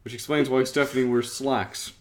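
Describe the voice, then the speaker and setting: A male co-host in casual banter, dropping dry one-liners and puns between the host's points. His pitch is ordinary, and he talks in short, sharp comments. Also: steady tone, normal speed. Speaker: podcast co-host.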